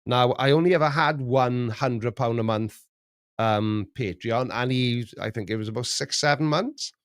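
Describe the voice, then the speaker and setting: A middle-aged man hosts a relaxed live chat stream, reading viewer messages and cracking jokes as he goes. He laughs easily. His voice sits at an ordinary pitch, recorded close with a dry sound. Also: moderate pace, clear, resonant tone, no room sound. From Wales. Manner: jokey, laughs often, reads chat aloud. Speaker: livestream host.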